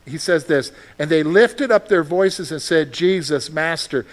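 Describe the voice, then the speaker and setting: A man's voice: on the high side, unhurried. A man preaching a sermon in a conversational way, asking his congregation questions and acting out short voices. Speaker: pastor.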